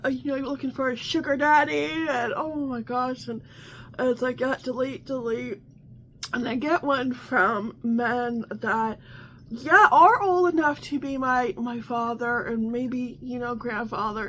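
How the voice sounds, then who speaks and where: A woman's voice: sits high, a bit bright, a little hiss or hum. A woman hosting a casual coffee chat, talking in a chatty, exasperated way with many restarts and frequent laughter. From Canada. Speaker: vlog host.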